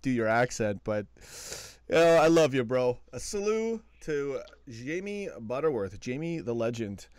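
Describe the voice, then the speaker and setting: A man hosts a late-night live stream from his computer at home, relaxed and chatty, with easy laughs between remarks. His voice sits in a middle pitch. The sound is dry and close, with no room echo. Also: measured pace, clean tone. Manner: chatty and laid-back, laughs often. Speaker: host of a live call-in fan show.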